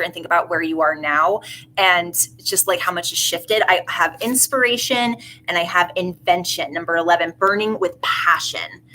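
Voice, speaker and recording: Woman tarot reader, bright voice, chatty, effusive, faint hum behind. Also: medium pitch, low-quality recording. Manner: chatty and effusive, frequent asides. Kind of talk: casual live tarot reading.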